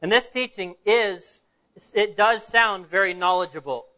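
A male pastor delivering a sermon in a church. He tells stories and puts rhetorical questions to the congregation in a high, bright, smooth voice. The recording is dull and lo-fi. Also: unhurried.

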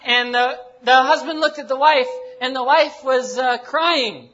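Man preaching, high and bright voice, folksy and joking, dull lo-fi sound. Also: unhurried. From United States. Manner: folksy, joking, repeats phrases, speaks simply to a foreign congregation. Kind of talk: sermon with jokes and Bible reading.

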